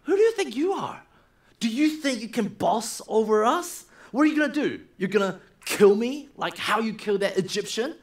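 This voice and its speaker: A man voicing a hostile, defiant man who fires loud challenging questions. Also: high voice, lively intonation, normal speed, distant mic, voice pushed up.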